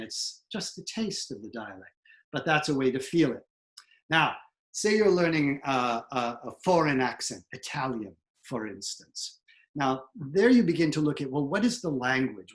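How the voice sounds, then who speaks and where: A middle-aged man, a theatre professor, explaining accent technique and breaking off to demonstrate sounds. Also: mid-range voice.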